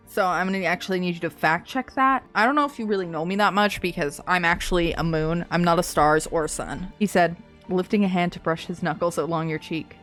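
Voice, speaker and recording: Low-voiced woman reading fanfiction aloud. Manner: soft hushed reading broken by excited reactions. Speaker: content creator.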